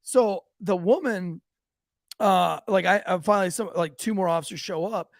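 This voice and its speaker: Male cop-podcast host, high gravelly voice, dry close mic, profane and animated storyteller. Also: moderate pace, no room sound. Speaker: police officer and podcast host. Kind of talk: casual storytelling. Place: podcast studio.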